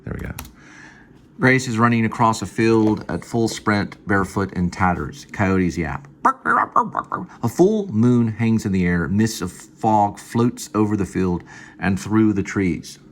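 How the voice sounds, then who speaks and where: A man casually reading his own screenplay aloud at home, halting and stopping to fix lines. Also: on the low side, expressive, slight background noise. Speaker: screenplay reader. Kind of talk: casual screenplay read-through.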